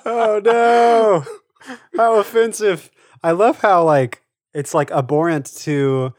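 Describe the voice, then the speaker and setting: A man's voice: mid-range voice, no echo, clean studio sound. A man co-hosting a podcast, thinking aloud in rambling casual chat. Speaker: podcast co-host.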